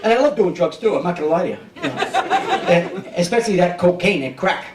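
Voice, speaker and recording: A man's voice: high voice, expressive, fast. A man, doing a streetwise stand-up set in a comedy club and often checking in with the crowd. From Brooklyn, New York. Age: 50s. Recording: echoey club, mic heard from a distance, audience noise.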